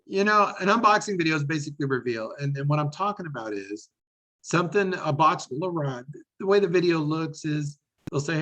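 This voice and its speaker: A man's voice: on the high side, a little fast, low-quality recording. Enthusiastic man giving a business talk. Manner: animated, enthusiastic, repeats words. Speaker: webinar presenter. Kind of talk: business webinar presentation.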